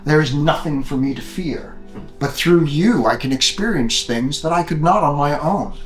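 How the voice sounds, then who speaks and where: A lordly, amused god of the dead, put on by a game master in a drawling Scottish-style voice. His slow, grand speech carries a slightly high tone. The room is echoey, with faint music in the background. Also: expressive, natural voice.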